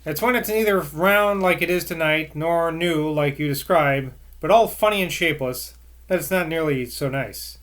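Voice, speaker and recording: A man's voice: fairly high pitch, moderate pace, fairly bright tone, lightly acted. A man voicing an eager, earnest young man who talks emphatically.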